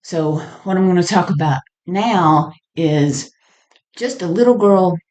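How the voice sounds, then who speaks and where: A woman's voice: fairly low pitch, animated, a little slow, a little mellow, low-quality recording. A woman telling a personal story in a casual, meandering way, often laughing between her sentences. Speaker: vlogger.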